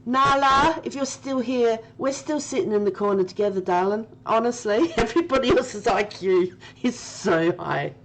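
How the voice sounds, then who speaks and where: A woman's voice: on the high side, normal speed, few pauses, background noise. A woman streaming a game live, chatting with her viewers by name and laughing often. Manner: giggly, laughing often and talking to chat by name.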